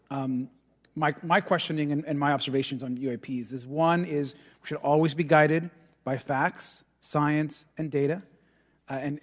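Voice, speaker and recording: A man, a congressman, giving a hesitant, measured closing statement at a hearing. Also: a little high, in a large hall. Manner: hesitant, many ums and uhs, measured.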